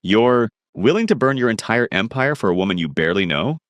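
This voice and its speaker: A man voicing a gruff, skeptical male police detective, in a storybook reading. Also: lowish voice, sing-song, fairly quick, fairly bright tone, no echo.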